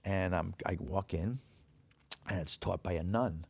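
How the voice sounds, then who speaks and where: A man guesting on a podcast, telling anecdotes in an animated, profane way and acting out the people in them. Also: deep voice, measured pace, creaky, slightly rough. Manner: animated, profane storyteller who acts out quoted dialogue. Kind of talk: anecdotal storytelling. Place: podcast stage.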